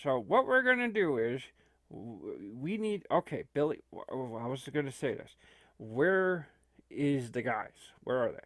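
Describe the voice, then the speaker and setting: A man's voice: medium pitch, very animated, measured pace, fairly bright tone, no room sound, clean studio sound, pitched below the performer's own voice. A man playing a frantic old man who rambles and stammers urgently in an amateur comedy movie. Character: frantic old man fleeing strange dimension.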